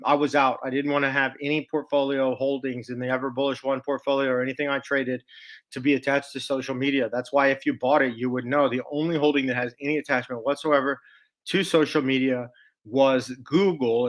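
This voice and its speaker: A man's voice: medium pitch, a bit bright. Texan guy chatting about the market, folksy and salesy, middle-aged, plain mid voice. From Texas. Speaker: stock market commentator. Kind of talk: casual screen-share market commentary.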